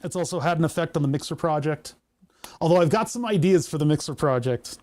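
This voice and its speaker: Male streamer, a touch high-pitched; loose, jokey think-aloud patter over hobby electronics work. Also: animated, fast talker, a little mellow. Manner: rambling, jokey, thinks aloud through technical steps. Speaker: live streamer building electronics. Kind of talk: casual live-stream chat while working.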